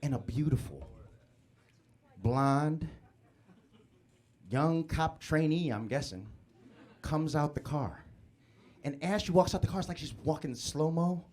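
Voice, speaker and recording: A man born in the Philippines and raised in Chicago performing a live stand-up set on a comedy club stage, telling stories with lively act-outs. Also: fairly high pitch, takes it slowly, pauses often. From born in the Philippines, grew up in Chicago. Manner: animated storytelling, acting out scenes.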